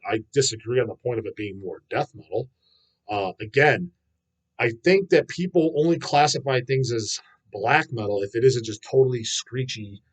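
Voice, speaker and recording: A man, host of a casual stream, reading viewer comments aloud and answering them in a blunt, swear-heavy rant. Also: medium pitch. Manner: profane, ranting, blunt. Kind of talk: casual live-stream chat.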